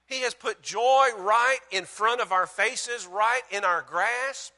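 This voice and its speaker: High, bright-voiced preacher man in a reverberant hall. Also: animated, a little slow, hardly any pauses. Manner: dynamic preaching, swinging from loud to hushed; folksy storytelling with self-mocking humor. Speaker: pastor. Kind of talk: sermon.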